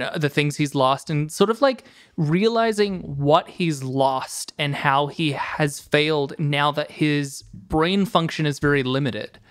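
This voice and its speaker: Lower-voiced woman recapping a film. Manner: earnest, rambling plot recaps with fillers. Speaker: podcast co-host. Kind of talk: casual film review chat.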